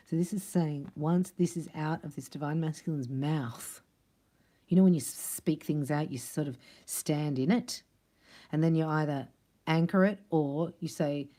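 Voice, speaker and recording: A woman's voice: low voice, moderate pace, dark tone. A woman giving a casual spiritual card reading, chatty and emphatic, acting out little dialogues. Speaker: psychic card reader.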